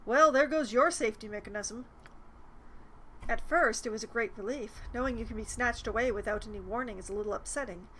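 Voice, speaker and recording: A woman reading aloud the game dialogue of a weary, hunted half-sibling, in a measured, rueful way. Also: on the high side, fairly bright tone, slight background noise, close to an everyday voice, rough recording.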